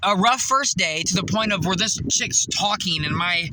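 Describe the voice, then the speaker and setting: A man's voice: sits high, normal speed, bright, forceful tone, no room sound, rough recording. A man telling a casual, profane story about coworkers, laughing often and acting out their voices. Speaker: fast-food worker venting.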